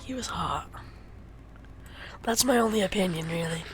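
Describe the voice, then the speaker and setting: A woman chatting casually on a stream, giggly and often hushed and breathy. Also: lowish voice, normal speed, a little hiss or hum. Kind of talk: casual chat.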